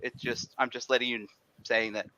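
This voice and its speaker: A man with a bright, crisp voice explains his script edits in casual chat, often restarting his sentences. The audio is dry and dull, like a lo-fi recording. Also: medium pitch, little pitch movement, moderate pace, no echo. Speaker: comic script writer.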